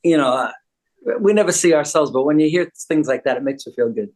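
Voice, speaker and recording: A man's voice: a little high, a little fast, darkish tone. A joking older man from the United States, talking casually as a guest. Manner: joking, wisecracking. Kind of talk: casual chat.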